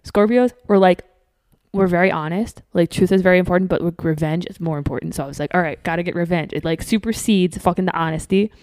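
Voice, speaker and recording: A young woman telling wild stories as a podcast guest, animated and profane, acting out the other people in her stories. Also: lowish voice, dry recording. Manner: profane, animated, rapid storytelling with quoted asides. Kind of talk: casual storytelling.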